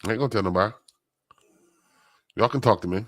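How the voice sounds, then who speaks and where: This man's lowish voice moves fast, with no room sound at all. Though he's sick and under the weather, he keeps his live stream going, greeting viewers by name and chatting with them casually in loose slang.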